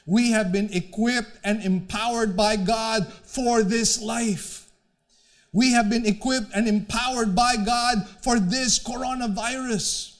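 A male pastor delivers a sermon in a very high voice. He speaks at an unhurried, measured pace and leans on repetition to drive his points home. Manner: slow, deliberate preaching with repeated phrases.

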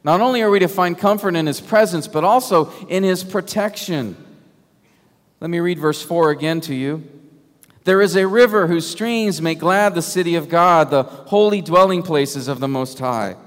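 A man preaching a sermon, emphatic and full of rhetorical questions, sometimes dropping to a hush. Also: on the high side, normal speed. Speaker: pastor. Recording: long hall reverb.

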